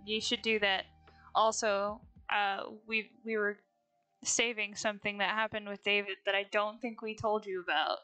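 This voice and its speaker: A woman's voice: medium pitch, level tone, normal speed, pushed and bright, clean tone, no room sound, faint music behind. A woman artist chatting casually with a friend while drawing, laughing often and speaking bluntly with some swearing. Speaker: artist streamer.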